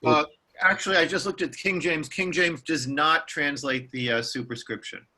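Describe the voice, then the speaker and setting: A man's voice: fairly high pitch, fairly even intonation, bright, forceful tone. A man taking part in an online study group, checking a Bible translation and reading out the spelling. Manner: quick, checking translations aloud.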